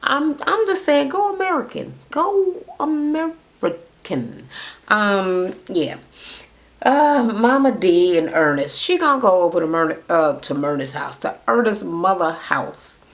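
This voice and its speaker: A woman's voice: mid-range voice, very animated, unhurried. A woman recapping a reality show in casual, profane chatter, blunt and sarcastic as she talks to camera. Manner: blunt and sarcastic, with frequent swearing.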